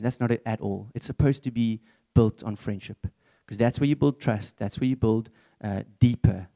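A man's voice: medium pitch, a little fast, few pauses, dark tone. A young man preaching a candid, conversational sermon in church.

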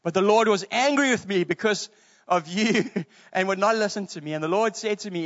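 A man preaching a sermon from the pulpit, casual and joking, animated as he retells a Bible story. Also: sits high, brisk. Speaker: pastor. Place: church hall, streamed to Zoom. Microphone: pulpit mic. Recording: muffled, reverberant church hall.

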